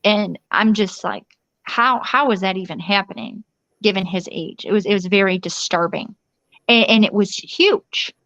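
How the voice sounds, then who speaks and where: A woman interview guest telling a personal ordeal in a rushed, urgent way, often restarting sentences and acting out quoted dialogue. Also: medium pitch, fairly bright tone, no room sound. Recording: dull lo-fi dry recording.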